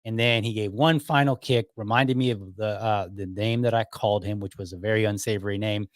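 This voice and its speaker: A middle-aged podcast host from Ohio rambles through childhood stories in a casual monologue, correcting himself and acting out the quotes. His voice is on the low side and steady in tone, his pace brisk, and the recording dry.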